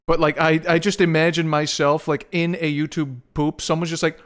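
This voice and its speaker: A man's voice: a little high, level tone, moderate pace, fairly bright tone. A young man streaming a game, rambling profanely and joking with his chat. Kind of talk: casual gameplay stream chat.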